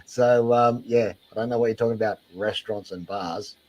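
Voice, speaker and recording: A man's voice: on the low side, fairly even intonation, brisk, lo-fi sound, music in the background. A man with an Australian accent giving sarcastic reaction commentary on a video, mocking and exasperated, swearing freely.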